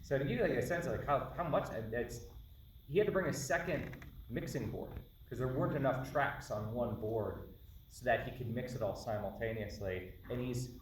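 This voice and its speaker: Director explaining in a reverberant hall. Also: male voice, medium pitch, a little hiss or hum. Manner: explanatory, quick, restarting phrases. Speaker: film director on a panel. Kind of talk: Q&A talk. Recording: echoey hall from far off.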